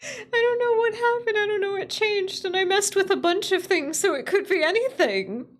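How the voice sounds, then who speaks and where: A woman streaming live as a VTuber, chatting casually, excitable and giggly, swearing freely. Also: extremely high pitch, moderate pace.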